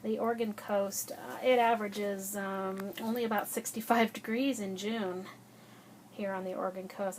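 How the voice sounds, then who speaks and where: A woman giving a casual tour of her small backyard greenhouse, chatty and proud, with soft whispered asides. She is a little out of breath. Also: mid-range voice, slight background noise. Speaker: home gardener giving a tour.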